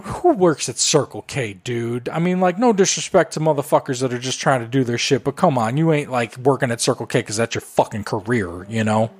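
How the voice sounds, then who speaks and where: A man's voice: mid-range voice, fairly quick, few pauses, husky. Profane, rambling man podcaster. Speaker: podcast co-host. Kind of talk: casual chat.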